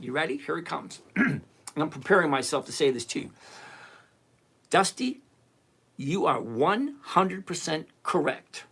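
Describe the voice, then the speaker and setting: Animated man hosting a trading livestream. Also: high voice, vocal fry, breathy edge. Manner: animated, teasing, emphatic with repetition. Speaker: livestream host answering chat questions. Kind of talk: casual livestream chat.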